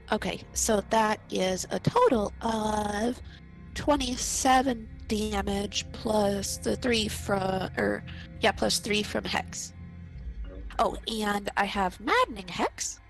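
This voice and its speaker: A woman's voice: medium pitch, extremely slow, creaky, soft background music, low-quality recording. A woman playing a tabletop game, reading out her rules hesitantly. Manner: reads rules aloud hesitantly. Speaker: player. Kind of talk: casual tabletop play.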